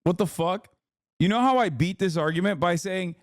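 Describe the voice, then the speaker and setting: A man hosting a livestream, reacting to clips with blunt, profane, rapid-fire ranting. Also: high voice, dry recording, studio quality. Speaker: livestream host. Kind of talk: streamer commentary.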